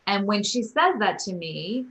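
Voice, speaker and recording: A woman's voice: mid-range voice, big pitch swings, unhurried, fairly bright tone, poor audio. A woman guest on a podcast interview, a yoga teacher telling stories and acting out quotes with animation.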